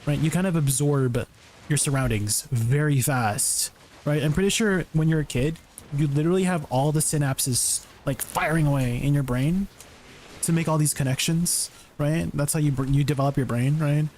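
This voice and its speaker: A man hosts a relaxed live stream, talking through viewer questions in a loose, chatty way and breaking into laughter often. His voice sits a little on the high side, with a faint hum of room noise underneath. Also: moderate pace.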